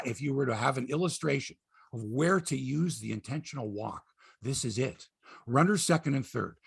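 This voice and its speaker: A middle-aged man hosts a sports show in an exasperated, emphatic rant. His voice sits high and bright, with a husky, gravelly edge, and it swings widely in pitch. He swears for emphasis and drops from loud bursts to low grumbles. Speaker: sports podcast host. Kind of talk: ranting sports commentary monologue.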